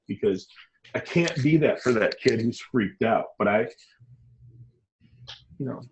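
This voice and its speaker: A middle-aged man, a designer as interview guest, talking in an animated, rambling, emphatic way. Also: fairly low pitch, slight background noise, low-quality recording. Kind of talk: casual interview talk.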